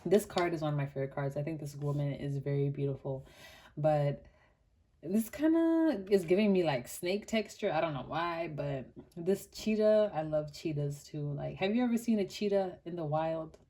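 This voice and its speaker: Young woman from Botswana, low mellow tone, animated casual tarot reader. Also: moderate pace. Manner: chatty and animated, many "like" fillers, laughs often. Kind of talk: casual pick-a-card tarot reading.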